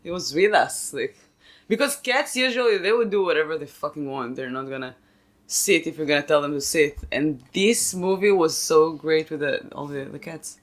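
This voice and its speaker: Enthusiastic woman, halting non-native phrasing. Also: low voice. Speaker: podcast co-host. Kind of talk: casual movie recap chat.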